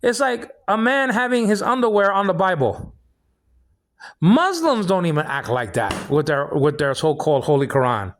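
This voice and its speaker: Man, high gravelly voice, rambling indignant rant full of stammered restarts. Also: lively intonation, normal speed. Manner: indignant complaining. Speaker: vlogger. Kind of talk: ranting personal monologue.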